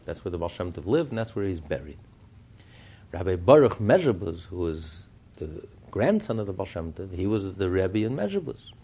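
A Torah teacher delivers a Chassidic lesson, firing off rhetorical questions and telling stories. His deep, husky voice is dark in tone and sing-song, moving at a normal speed.

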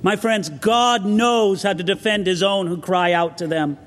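A man's voice: high voice, unhurried, a bit bright. A man preaching an expository sermon as pastor, earnest and preacherly, telling stories with asides. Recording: long reverb of a large hall.

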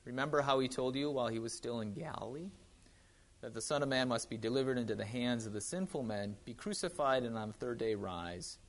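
A man's voice: mid-range voice, fairly quick. A man with a Wisconsin accent giving a casual sermon, chatty with joking asides and frequent restarts. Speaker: pastor.

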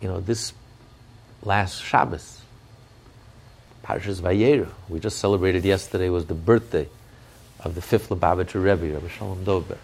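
A man's voice: sits low, steady tone, normal speed, creaky, pauses often, a little mellow, breathy edge. A man giving an impassioned sermon as a rabbi, often restarting his words as he searches for them.

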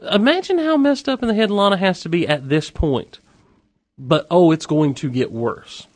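A man hosting a podcast, casually recapping a TV episode with animated, wry asides. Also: high voice, normal speed, no echo.

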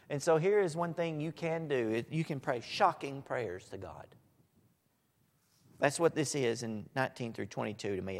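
A man preaching a sermon, swinging from soft asides to loud, emphatic lines. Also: mid-range voice, gravelly. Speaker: pastor. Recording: echoey hall.

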